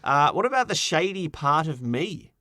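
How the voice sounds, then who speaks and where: A man's voice: fairly high pitch, big pitch swings, sharp tone, no room sound, clean studio sound. A man co-hosting a gaming podcast, chatting casually and playfully as he runs through award winners. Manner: playful, jokey, runs through lists quickly. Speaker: podcast co-host.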